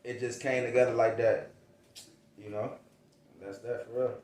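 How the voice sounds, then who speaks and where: A male rapper from Virginia tells his story in loose, slang-filled talk. He drops into quick impressions of the people he quotes. He sits back from the mic in a room with a lot of echo. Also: medium pitch, slight background noise. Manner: animated, slangy, acts out quoted voices. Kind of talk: casual storytelling interview. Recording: roomy echo, distant mic.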